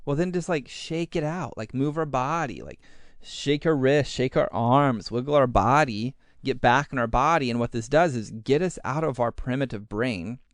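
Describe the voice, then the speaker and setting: Smooth-voiced man acting out his inner thoughts. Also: mid-range voice, moderate pace, no room sound, studio quality. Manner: animated, acts out his own inner voice in quotes; uses many fillers like "like". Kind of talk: casual podcast talk.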